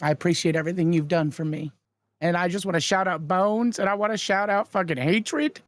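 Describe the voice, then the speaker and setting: A man's voice: sits high, a little fast, no echo. A man co-hosting a stream, crying, speaking in an emotional, deferential way.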